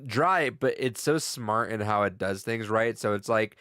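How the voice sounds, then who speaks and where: A man's voice: fairly low pitch, fairly bright tone, smooth, dry recording, studio quality. A young man co-hosting a casual talk show, rambling, laughing often and swearing as he retells scenes. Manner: loose, laughing, swearing, quick impressions. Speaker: podcast co-host. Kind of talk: casual chat.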